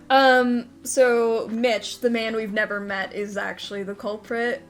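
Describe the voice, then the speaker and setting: A woman's voice: a little high, steady tone, measured pace, hardly any pauses, soft background music. Giggly woman chatting over a game. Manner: giggly, chatty, lots of fillers. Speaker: gaming video host. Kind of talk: casual let's-play commentary.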